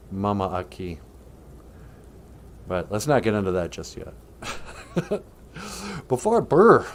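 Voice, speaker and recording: A man hosting a comedy show, joking and chatting in an easygoing way. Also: medium pitch. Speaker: host. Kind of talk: comedic cartoon show banter. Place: outdoors in winter, then indoors.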